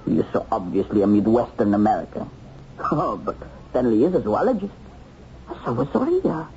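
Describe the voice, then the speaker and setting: A mocking, chuckling hunter. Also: male voice, mid-range voice, sing-song, moderate pace, warm tone. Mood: taunting. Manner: taunting, given to chuckles. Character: male hunter of a war criminal, mocking then torn. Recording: dull old TV soundtrack, some noise.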